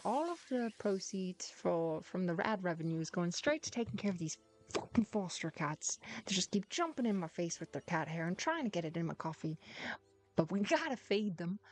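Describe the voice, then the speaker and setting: Woman streamer, put-on Irish accent with an American edge, casual and profane, talking to chat and her cat at home. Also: on the low side. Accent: put-on Irish, Dublin-ish with a hint of American. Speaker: game streamer. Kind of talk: casual gameplay chat with viewers.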